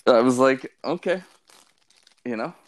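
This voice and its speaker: A man with a somewhat low voice tells an easygoing story in casual conversation. He keeps a loose, chatty rhythm with a few fillers along the way. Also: moderate pace. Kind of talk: casual chat.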